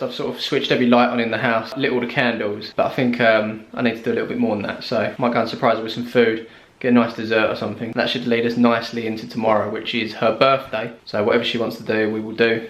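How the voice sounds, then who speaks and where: A man's voice: mid-range voice, level tone, quick pace, hardly any pauses. A young man, chatting casually and upbeat to camera in a family vlog on a handheld camera. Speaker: family vlogger.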